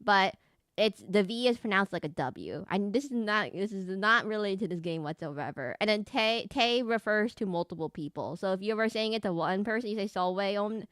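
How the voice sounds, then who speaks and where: A woman's voice: mid-range voice, expressive, moderate pace, fairly bright tone, dry recording, studio quality. A woman streaming a video game, chatting casually with many restarts and self-corrections and frequent giggles. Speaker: VTuber streamer. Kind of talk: casual gameplay commentary.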